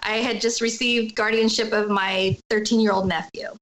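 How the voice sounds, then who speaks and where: A woman's voice: medium pitch, fairly even intonation, normal speed, a bit bright, rough recording. A middle-aged woman candidly telling a personal story as an interview guest, acting out what others said in emotional retellings. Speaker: guest sharing her story.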